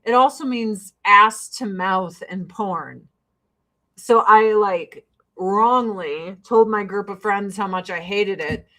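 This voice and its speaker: A woman's voice: medium pitch, takes it slowly, sharp tone. A middle-aged woman chatting casually while doing her makeup, telling blunt, profane stories with frequent laughs. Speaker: vlogger. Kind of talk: casual get-ready-with-me chat.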